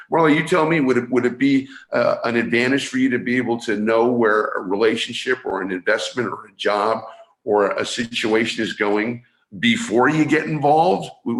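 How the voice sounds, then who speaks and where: A man from San Francisco speaks as an interview guest over a video call, his voice sitting at an ordinary middle pitch. His speech is halting, full of restarts and repeated words, and the room around him rings with a noticeable echo. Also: a bit bright. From San Francisco, USA. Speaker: guest, energy awareness coach. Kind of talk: explanatory interview talk. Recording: echoey room sound.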